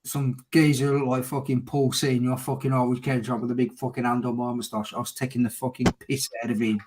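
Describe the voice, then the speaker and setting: A middle-aged man with an English accent chatting loudly over a video call, swearing and laughing as he tells stories. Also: medium pitch, level tone, a little fast. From England. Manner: loud, swearing, laughing storyteller. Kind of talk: casual chat.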